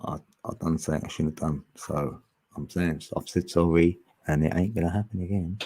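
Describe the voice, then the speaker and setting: A man's voice: sits low, brisk, warm tone, slightly rough. A man hosting an online group chat, rambling casually and laughing often.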